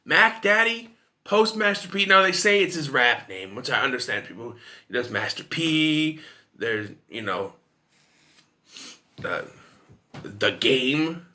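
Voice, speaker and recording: A man's voice: mid-range voice, very animated, slow pace, long pauses, pushed and bright. A man giving a casual, rambling and opinionated film review to camera.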